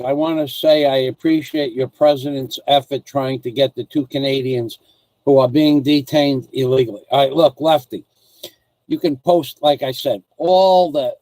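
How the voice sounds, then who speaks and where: A man on a casual livestream, wandering through a long story in a mid-pitched voice that sits close and dry on the mic. He trips over his own sentences, doubles back on details and slips in asides to his viewers as he goes. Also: moderate pace, mellow, dry recording, rough recording. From United States. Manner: rambling storyteller, restarts and asides. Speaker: vlogger.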